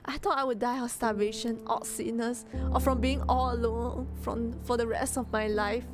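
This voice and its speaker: A woman reading a story aloud and voicing a small grieving girl who speaks in halting, quiet words, holding back tears. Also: fairly high pitch, steady tone, close to an everyday voice. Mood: halting, sad. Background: music.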